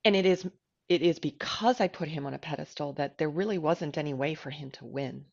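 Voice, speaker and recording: A woman's voice: low voice, lo-fi sound. A woman co-hosting a podcast, talking candidly and emotionally about herself, with lots of "like.". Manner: candid and emotional, with filler likes. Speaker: podcast co-host. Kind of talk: personal podcast conversation.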